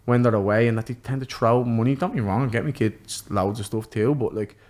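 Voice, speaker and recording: A man's voice: medium pitch, fast, darkish tone. A young Irish man in his twenties, a boxer guest telling stories in casual podcast chat, full of fillers and swearing. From Ireland.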